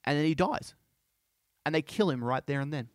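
A man hosting a podcast, speaking in an impassioned, halting way with many restarts. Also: fairly high pitch, lively intonation, dry recording, studio quality. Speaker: podcast host. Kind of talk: casual monologue.

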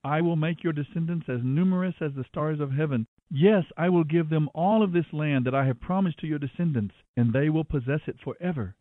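A man's voice: on the high side, fairly quick, few pauses, no echo, natural voice. A man reading Moses' earnest, pleading words in a scripture reading, with a dry, phone-like sound.

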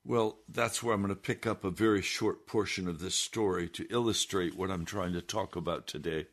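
A man preaching on a broadcast, telling a story slowly and deliberately. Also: low-pitched, steady tone. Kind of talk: sermon storytelling.

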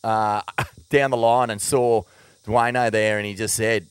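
A man's voice: lowish voice, little pitch movement, a little slow, clear, resonant tone, dry recording. A young Australian man chatting casually as a co-host, dropping swear words and self-mocking laughs. His voice sits close and dry to the microphone, with no room sound around it. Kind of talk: casual podcast chat.

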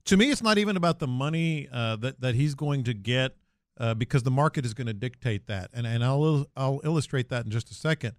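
A man's voice: medium pitch, brisk, dry recording, studio quality. A man co-hosting a sports radio show in a laid-back way, walking through figures methodically. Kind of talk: casual sports talk.

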